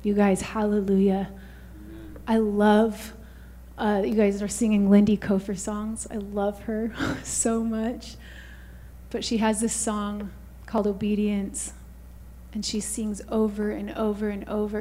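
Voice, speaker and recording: A woman's voice: mid-range voice, flat delivery, takes it slowly, a little mellow. A woman preaching a fervent sermon, often saying "you guys" and "hallelujah" to the congregation.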